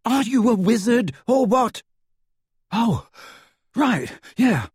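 Shaky, high-pitched teen boy wizard in an audiobook, voiced by a man; husky, dry, lively delivery. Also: very slow, no room sound, exaggerated voice. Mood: urgent. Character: frightened, breathless teenage boy wizard. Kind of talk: audiobook character voice.

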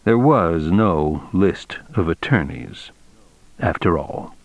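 A man reading a novel aloud as narrator in a measured, steady way. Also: deep voice, dry recording. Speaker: audiobook narrator. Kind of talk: scripted narration.

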